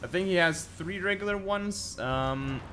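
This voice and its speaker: A man hosting a strategy game tournament cast in a casual, chuckling manner. His voice sits fairly high for a man. A faint hiss runs under the recording. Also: a little slow, a bit bright. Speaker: host and caster. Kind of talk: esports game commentary. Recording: faint background noise.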